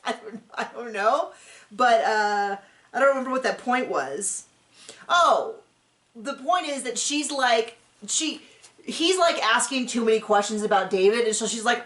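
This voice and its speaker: Brief: woman host, higher voice, animated chatty storyteller, echoey room. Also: a little slow. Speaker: podcast host. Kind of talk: casual recap chat. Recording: roomy echo.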